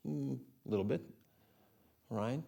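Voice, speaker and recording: A man's voice: mid-range voice, a little slow, creaky, mellow. A man from Canada giving a conversational conference talk, often adding tag questions, on a handheld mic. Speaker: conference speaker. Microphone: handheld mic, hot gain.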